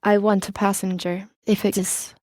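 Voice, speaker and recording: A woman reading the part of a hoarse male messenger on horseback. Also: mid-range voice, level tone, normal speed, a little mellow, no echo, studio quality, close to an everyday voice. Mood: curt.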